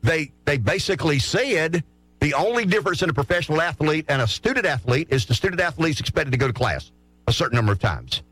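A man's voice: a little high, sing-song, fast talker, fairly bright tone, breathy edge. A man arguing opinions on a sports talk show, firing off rhetorical questions and answering them himself.

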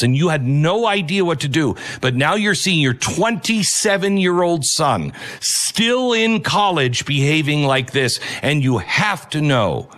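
A middle-aged man delivering an earnest, emphatic opinion monologue, pausing to stress key words. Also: mid-range voice, animated, a bit bright. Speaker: commentator.

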